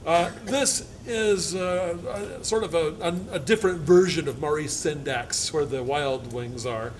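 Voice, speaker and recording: A university instructor with a voice on the high side reads a picture book aloud to a live audience. He halts often, uses fillers, and drops in joking asides.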